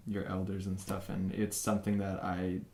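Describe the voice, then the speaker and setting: A man's voice: deep voice, monotone, normal speed, dark tone, roomy sound. A young man from San Francisco answers interview questions casually, with many fillers and restarts. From San Francisco, USA. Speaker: interview guest.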